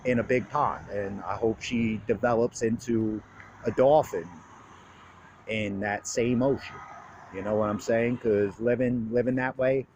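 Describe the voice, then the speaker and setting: A man's voice: mid-range voice, a little mellow, slight background noise. A young man in recovery giving an earnest, plain-spoken personal monologue in blunt, casual street talk, open about his feelings. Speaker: recovery speaker.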